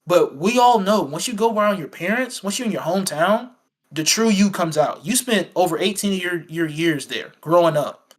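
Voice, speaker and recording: High-voiced man rambling about a film. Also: expressive, normal speed. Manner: rambling, acts out quoted lines; frequent fillers and restarts. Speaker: podcast co-host. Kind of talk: casual film review chat.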